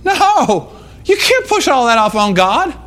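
High-pitched man preaching a fiery sermon. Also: huge pitch swings, normal speed. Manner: emphatic, repetitive preaching with sudden shouts. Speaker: pastor. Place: church sanctuary.

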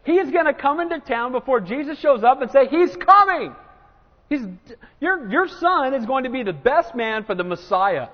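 A man preaching a sermon to a congregation, acting out quotes with lively bursts and asking "Amen?". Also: very high-pitched, moderate pace. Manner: animated, acts out quotes, asks congregation "Amen?". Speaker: pastor. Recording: dull sound with long hall reverb.

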